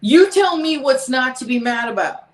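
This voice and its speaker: A woman's voice: sits high, expressive, normal speed, over a noisy crowd. A woman hosting a podcast, talking casually in an exasperated way, laughing and repeating herself. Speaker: podcast host. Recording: echoey room.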